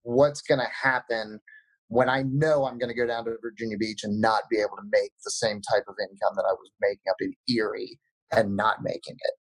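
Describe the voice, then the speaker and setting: Male guest musician, measured and reflective, dry recording. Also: on the low side, level tone, no room sound, poor audio. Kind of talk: casual interview answers.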